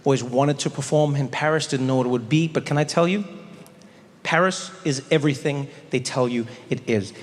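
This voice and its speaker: Stand-up comedian man in a big hall. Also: brisk. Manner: animated, jumps up in pitch for quoted voices. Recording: long hall reverb, faint noise.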